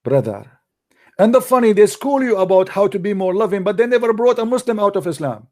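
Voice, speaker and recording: A man's voice: sits high, sing-song, fairly quick, darkish tone. A man lecturing combatively in a livestream, mocking and scolding his opponents in non-native English. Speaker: religious debater.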